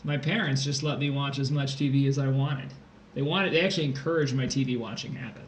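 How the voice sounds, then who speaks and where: A man's voice: mid-range voice, steady tone, quick pace. A young man tutoring test prep on a casual livestream, joking and theatrical. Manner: playful, jokey, theatrical. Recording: echoey room, faint background noise.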